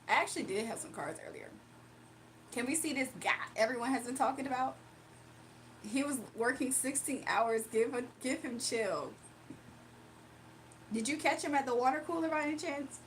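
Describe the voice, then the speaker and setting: High-voiced woman live-streamer, laughing a lot. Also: lively intonation, normal speed, long pauses, a little hiss or hum. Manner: laughs often, reads chat aloud. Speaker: livestream host. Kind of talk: casual live-stream chat.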